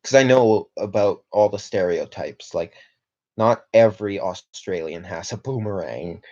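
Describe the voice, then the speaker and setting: A man's voice: on the low side, unhurried, a little mellow, highs cut off. A young man from Canada chatting casually on a livestream, rambling and reading viewer comments aloud with lots of fillers. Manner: rambling, reads chat aloud, filler-heavy.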